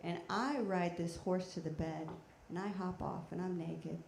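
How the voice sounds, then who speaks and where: A woman performing a stand-up comedy set on a theater stage with a handheld mic, talking in a deadpan, chatty way with bursts of loud shouting. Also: on the low side, a little slow, vocal fry. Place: theater stage before a live audience. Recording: echoey theater with faint noise.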